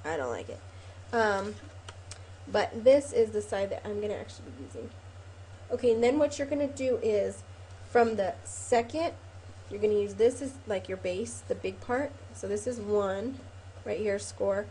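A woman's voice: medium pitch, lively intonation, normal speed, dark tone, a little hiss or hum. A woman hosting a casual craft tutorial, chatty and rambling with frequent ums and self-corrections, a little sniffly from a cold. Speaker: craft video host.

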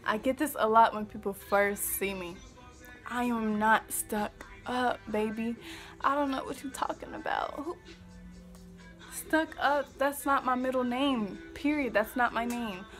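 A woman's voice: on the high side, unhurried. A young woman from Kansas City, Missouri, vlogging casually to the camera in a sassy, goofy, emphatic way, swearing freely. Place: home. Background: faint music playing.

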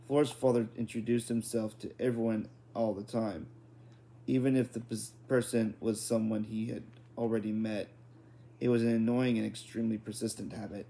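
A man's voice: fairly low pitch, little pitch movement, normal speed, vocal fry, dark tone. A man reading a children's book aloud in an unpolished style, often restarting and correcting words. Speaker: reader.

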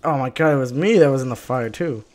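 A man giving excited gameplay commentary, exasperated and shouting at the characters on screen. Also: medium pitch, quick pace. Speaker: gaming channel host.

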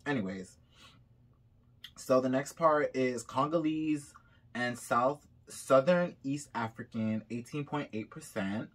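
A man's voice: medium pitch, takes it slowly. A young Haitian-American man vlogging casually, reading results aloud with chatty asides while a bit sick. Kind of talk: casual vlog reaction.

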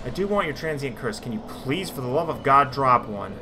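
A man giving sarcastic let's play commentary over a game, breaking into shouted rants. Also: mid-range voice, expressive, brisk, slight background noise. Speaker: gaming commentator.

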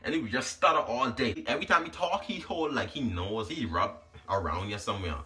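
A man casually telling a story to his vlog audience, slangy and animated, always asking "you know what I'm saying". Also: mid-range voice, fairly quick, far from the mic.

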